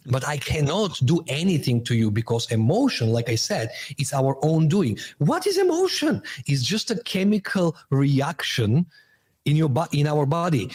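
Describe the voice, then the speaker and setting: Husky-voiced man coaching with emphasis. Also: fairly high pitch, very animated, normal speed, a little mellow. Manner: emphatic, explains with metaphors, non-native phrasing. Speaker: guest, transformation coach. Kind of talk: podcast interview.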